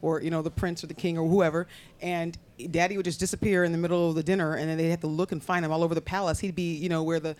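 A woman as an interview guest, telling family stories in an animated way and laughing often. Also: fairly low pitch. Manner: quick, animated storytelling with frequent laughs. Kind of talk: casual interview chat.

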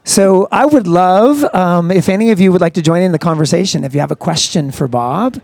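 Gravelly, mellow man asking interview questions. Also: sits high, no echo. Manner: brisk, curious questioning.

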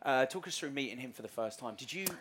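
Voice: mid-range voice, animated, fast talker, a bit bright, husky. An interviewer asking questions and teasing the guest with jokes. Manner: joking, teasing banter. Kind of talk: casual interview chat.

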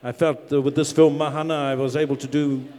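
A man from New Zealand with a slightly high voice tells stories about his work at an easy pace, full of ums and uhs. His voice carries a long hall reverb from the venue. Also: brisk. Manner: relaxed storyteller, self-deprecating, lots of uh and um. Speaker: actor. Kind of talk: panel Q&A answers.

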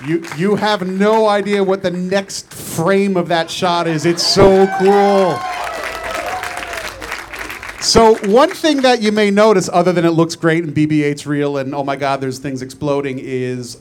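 A man's voice: a little high, expressive, unhurried, crowd noise, noisy background. An American man hosting an interview on stage, joking, enthusiastic and fumbling the starts of his sentences. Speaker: host.

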